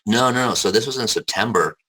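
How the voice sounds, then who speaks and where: A man's voice: fairly low pitch, fast, sharp tone, slightly rough, low-quality recording. A young adult man, an interview guest, frankly telling personal stories with casual swearing and many restarts. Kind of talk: candid personal storytelling.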